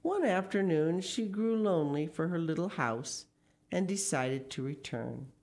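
A woman reading a picture book aloud, expressive and unhurried, with small asides about the pictures. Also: deep voice. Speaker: storyteller.

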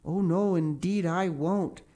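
A woman's voice: low-pitched, moderate pace, a little mellow, natural voice. Lady reading as a dreamy chatterbox orphan girl, gushy and breathless, storybook voice. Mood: eager.

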